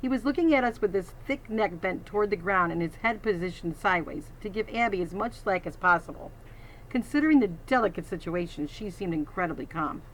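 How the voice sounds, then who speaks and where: A woman's voice: medium pitch, lively intonation, a little fast, a bit bright, a little hiss or hum, low-quality recording. Woman reading a children's novel aloud. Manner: teacherly asides to listeners. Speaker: reader.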